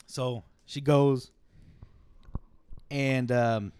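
A man's voice: medium pitch, slow, pauses often, a little mellow. A man hosting a podcast, retelling a story in a casual, rambling way, swearing freely and acting out the quotes. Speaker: podcast host.

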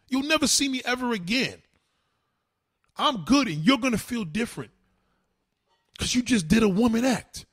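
Brief: husky New man in his thirties, lively swooping delivery, crude livestream rant. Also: extremely high pitch, normal speed, long pauses. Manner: animated, crude, emphatic. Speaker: livestream host. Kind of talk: profane casual rant.

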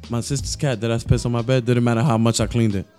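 A man's voice: mid-range voice, fast, faint music behind. A man co-hosting a podcast, telling stories and teasing playfully. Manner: animated storytelling, playful teasing. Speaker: podcast co-host. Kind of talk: casual podcast banter.

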